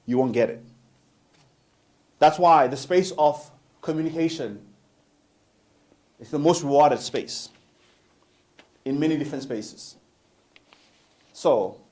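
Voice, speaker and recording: A man's voice: fairly high pitch, a little mellow. Emphatic South African man speaking live. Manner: emphatic, rhetorical questions, humorous asides. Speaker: motivational speaker. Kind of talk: live motivational talk. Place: room with live audience.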